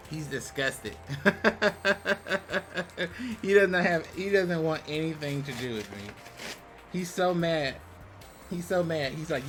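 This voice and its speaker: A young man hosting a casual video, chatting as he opens packs of game cards. He talks in a relaxed way, with sudden excited outbursts. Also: fairly high pitch, slow pace, long pauses, music in the background. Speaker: YouTube host. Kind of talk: casual commentary while opening game card packs.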